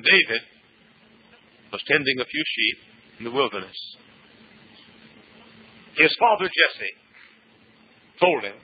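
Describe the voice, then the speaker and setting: Guy preaching a sermon, slow dramatic pauses then big bursts, kinda dull muffled old recording w/ faint hiss. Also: mid-range voice. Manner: dramatic preaching with long pauses and sudden rises.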